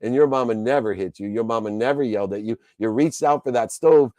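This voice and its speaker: Male motivational speaker, emphatic and preachy, with a mellow mid-range voice. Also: mid-range voice, fairly quick, no room sound. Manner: emphatic and preachy, with repetitive lists. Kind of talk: motivational speech.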